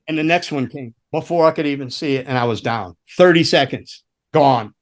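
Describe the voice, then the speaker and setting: A former roadie appears as a guest on a casual podcast, telling road stories in a mid-range voice at a moderate pace. He's a profane, animated storyteller who swears freely and acts out the voices of the people he quotes.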